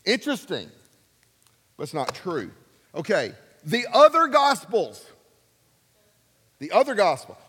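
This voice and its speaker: A man preaching a sermon, emphatic and animated, swinging between loud and soft. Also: sits high, measured pace, pauses often, husky, big-room sound. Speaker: pastor.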